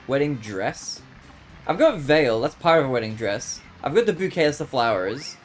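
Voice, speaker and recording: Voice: mid-range voice, big pitch swings, normal speed, a bit bright, soft background music. A streamer thinking aloud while solving word puzzles, muttering guesses and laughing often.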